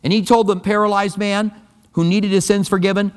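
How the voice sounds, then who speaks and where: A man's voice: sits high, little pitch movement, fairly quick, smooth. A pastor preaching a sermon in a conversational, emphatic way, often repeating his key phrases. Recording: long reverb of a large hall.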